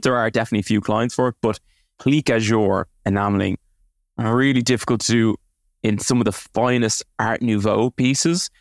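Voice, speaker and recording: A man's voice: fairly low pitch, no room sound, studio quality. A man co-hosting a podcast, explaining things in a casual way with lots of fillers and restarts. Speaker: podcast co-host.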